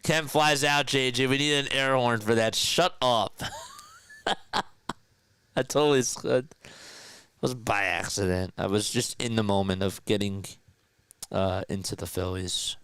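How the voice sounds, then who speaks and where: Male fan streamer, live play-by-play, excitable and chatty; smooth, resonant voice, dry close sound. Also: mid-range voice, unhurried, pauses often, no room sound. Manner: excitable, hyped, chatty with viewers.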